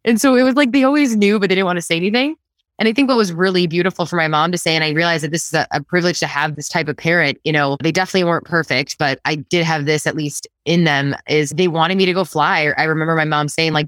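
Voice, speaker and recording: A woman guest tells her story in a casual interview, animated and quick to laugh. Her voice sits a little low but leaps up when she acts out what others said. The recording is dry and close. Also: clear, resonant tone, dry recording. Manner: animated, laughs often, acts out quotes in a higher voice.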